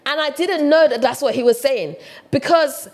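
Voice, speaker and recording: A woman from Ghana, chatting casually to viewers in an opinion vlog, animated and full of rhetorical questions. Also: high voice, moderate pace. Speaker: vlogger.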